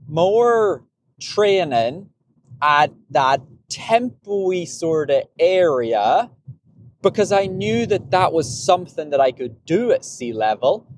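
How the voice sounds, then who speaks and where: A man's voice: a little high, very animated, takes it slowly, slight background noise. A man hosting a podcast in a casual, rambling monologue about running, often repeating and restarting words. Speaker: podcast host, runner.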